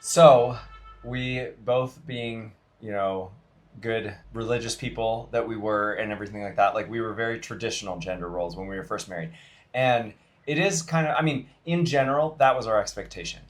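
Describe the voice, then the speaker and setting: A middle-aged man co-hosting a podcast, speaking in a relaxed, conversational way with many fillers. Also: lowish voice, moderate pace. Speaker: podcast co-host. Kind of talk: casual chat.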